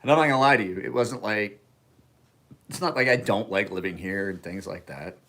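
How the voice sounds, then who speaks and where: Talking a little fast in a fairly low, slightly bright voice, this man runs a livestream from his home kitchen. He sharpens knives and chats loosely, joking as he goes.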